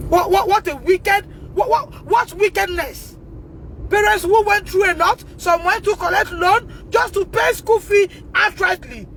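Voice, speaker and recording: A Nigerian mother in a self-recorded phone video, talking in a distressed, pleading way, repeating herself and breaking into shouts. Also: extremely high pitch, slight background noise.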